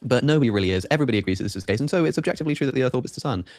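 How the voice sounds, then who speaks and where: A man's voice: medium pitch, lively intonation, very fast, noisy background. A British man arguing a philosophical point, hesitant and repeating words as he reasons. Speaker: debate guest in reviewed clip. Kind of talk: philosophical argument.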